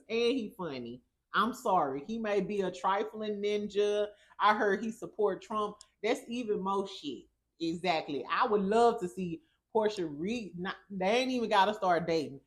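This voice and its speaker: Young woman vlog host, sassy gossip commentary, salty language, quick to laugh. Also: mid-range voice. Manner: sassy, profane, laughs often.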